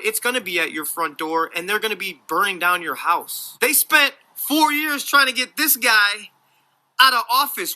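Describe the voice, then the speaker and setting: A man's voice: high-pitched, bright, forceful tone. A man in his forties from the United States telling a combative story in a profane, mocking rant. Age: 40s. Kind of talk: ranting storytelling.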